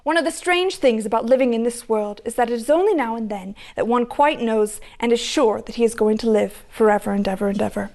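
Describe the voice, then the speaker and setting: Storyteller, woman, high voice, lyrical read-aloud. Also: fairly quick, hardly any pauses, a little mellow. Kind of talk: dramatic reading of a story.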